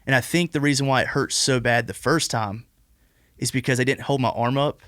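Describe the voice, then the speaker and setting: His voice is mid-range, brisk and fairly bright, recorded in clean studio sound with no echo. He's a twenty-something guest on a podcast, casually rambling through a long personal story with heavy use of "like" and frequent restarts.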